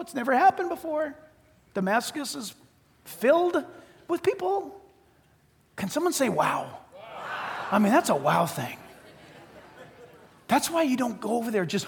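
A man's voice: very high-pitched, very animated, moderate pace, vocal fry. An American man preaching a sermon in emphatic, repetitive, punchy short phrases. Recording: long reverb of a large hall.

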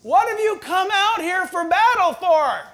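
A preacher doing a high, jeering enemy voice. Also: expressive, measured pace, fairly bright tone, exaggerated voice. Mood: mocking. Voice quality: sneering, jeering. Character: mocking enemy taunting believers, loud and scornful. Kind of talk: sermon illustration.

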